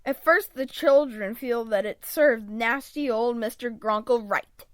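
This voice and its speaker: A woman reading a children's picture book aloud in an expressive read-aloud manner, close to a home microphone. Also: a little high, measured pace, dry recording. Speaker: storybook reader.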